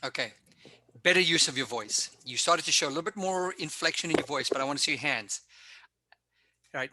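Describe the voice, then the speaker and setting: A man coaching public speaking in an online workshop, talking in an energetic, emphatic and directive way over a video call. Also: on the high side, fast.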